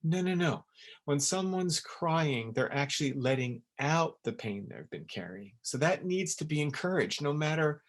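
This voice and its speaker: A man's voice: fairly high pitch, expressive, normal speed. A middle-aged man giving a spoken webinar talk on emotional healing, earnest and emphatic, and he repeats words for stress. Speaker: essence maker giving a webinar.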